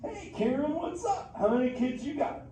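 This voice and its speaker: Crush, an excited surfer turtle. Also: male voice, extremely high pitch, moderate pace, far from the mic, voice pushed up. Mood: playful. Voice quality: surfer slang, drawling dude talk. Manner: playful, laughing, teasing the audience. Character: laid-back surfer sea turtle dude. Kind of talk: live interactive show character. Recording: echoey theater from afar, noisy.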